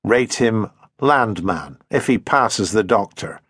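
A man voicing a brisk naval lieutenant calling out clipped orders in an audiobook. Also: lowish voice, expressive, a bit bright, husky, dry recording, studio quality, heavily acted.

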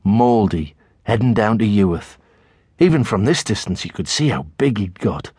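A middle-aged man with a Tyneside accent narrating a children's novel in the first person, expressive storytelling. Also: lowish voice, normal speed, breathy edge, no echo, studio quality. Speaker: audiobook narrator.

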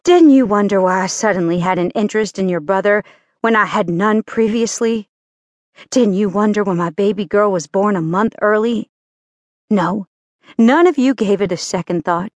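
A woman's voice: medium pitch, moderate pace, no room sound, lightly acted. A woman narrator voicing a fierce middle-aged mother in an audiobook, speaking in a raised, impassioned voice. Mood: bitter.

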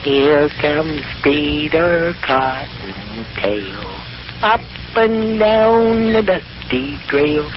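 A man playing a giggly crank caller who croons and chuckles through a silly answering machine message. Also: mid-range voice. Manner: giggling, sing-song, drawn-out. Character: giggly male caller singing about the Easter bunny. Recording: hissy lo-fi answering machine tape.

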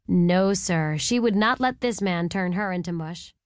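A woman narrating a romance novel in a wry, even storytelling manner on a close studio mic. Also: on the low side, unhurried, few pauses, clear, resonant tone, no echo. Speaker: audiobook narrator. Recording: dry close audiobook studio.

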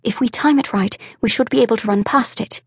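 Woman reading a calm young swordsman. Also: on the high side, a little fast, slightly rough, no echo, clean studio sound.

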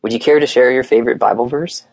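A man voicing a kind, encouraging woman camp leader with an Oklahoma accent, speaking in a gentle, coaxing way. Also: medium pitch, fast talker, pitched above the performer's own voice, close to an everyday voice.

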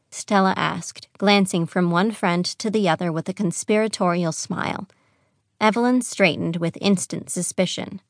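A woman narrating a young adult fantasy audiobook in a measured, even storytelling manner on a close studio mic. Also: lowish voice, dry recording.

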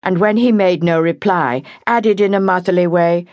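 Expressive woman narrating a novel. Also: on the low side, no echo, clean studio sound. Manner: expressive, measured storytelling. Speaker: audiobook narrator. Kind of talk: scripted narration.

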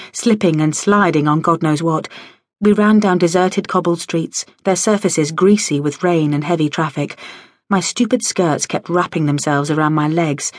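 A woman narrating a novel in the first person with a wry, lively storytelling manner. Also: on the low side, dry recording. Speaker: audiobook narrator. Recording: dry studio audio.

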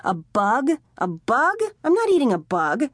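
A jittery teenage vampire boy, whining and indignant about his new undead life, his voice jumping around excitedly, as a woman narrator puts him on. The audiobook recording is dry and close. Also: a little high, moderate pace, no echo, pitched above the performer's own voice. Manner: excitable, complaining. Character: nervous nineteen-year-old male newbie vampire, whiny.

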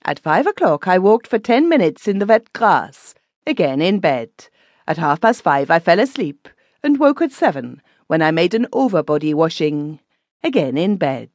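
A woman's voice: lowish voice, very animated, moderate pace, a little mellow, dry recording. A woman voicing a fussy health-cure lady. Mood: chattering.

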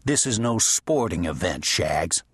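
Male narrator plays a steady, commanding sheriff, low and husky. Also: a little slow, no room sound, studio quality, heavily acted. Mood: harsh. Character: stern, steady frontier sheriff.

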